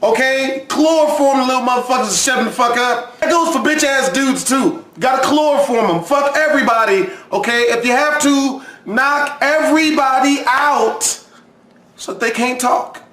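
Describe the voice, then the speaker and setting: A high-voiced man tears into a scary story with crude, profane jokes, breaking into loud shouts and mocking voices. The sound carries a roomy echo around him. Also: moderate pace. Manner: crude, loud outbursts, mock voices of others. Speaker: reaction video host. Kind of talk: profane comedic reaction commentary.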